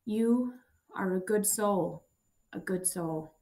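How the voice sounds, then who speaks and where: A frail, dying old professor, voiced by a woman reading an audiobook, gentle and loving. His voice is thin, raspy and breathy, barely above a whisper. He gets words out slowly, in short bursts between breaths. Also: mid-range voice. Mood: weak, tender. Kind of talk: audiobook narration.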